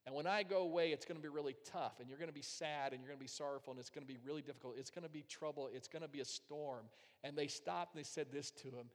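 A man preaching a sermon, telling a personal story and swinging between loud, emphatic passages and hushed, quiet ones. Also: a little high, fairly even intonation, fast. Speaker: pastor. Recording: long hall reverb.

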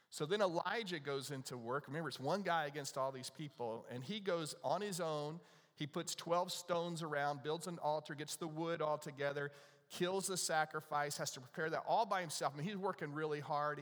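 A man's voice: a little high, fairly bright tone, in a large hall. A man preaching a sermon to a congregation, talking to them in a conversational way and asking them questions. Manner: conversational, asks the audience questions. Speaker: pastor.

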